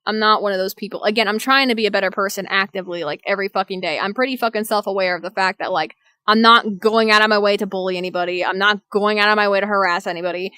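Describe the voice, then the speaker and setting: A woman's voice: mid-range voice, fairly even intonation, fast talker, sharp tone, clean tone, dry recording, studio quality. A young adult woman streamer venting in an exasperated, profane rant. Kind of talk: venting live-stream chat.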